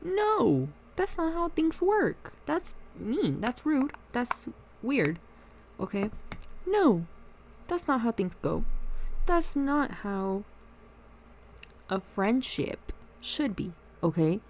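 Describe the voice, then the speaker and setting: Animated young woman venting, gravelly edge. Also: on the high side, a little hiss or hum. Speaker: vlogger. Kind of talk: get-ready-with-me storytime chat. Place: at home doing makeup.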